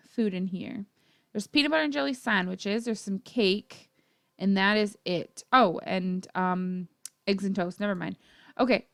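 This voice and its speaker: A woman's voice: mid-range voice, fairly bright tone, no echo. A young woman chatting casually through her gameplay, rambling and full of fillers. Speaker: gaming YouTuber.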